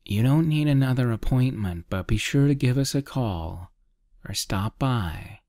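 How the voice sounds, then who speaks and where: A man voicing a brisk, businesslike female receptionist. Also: mid-range voice, lively intonation, dark tone, no room sound, clean studio sound, voice pushed up, natural voice.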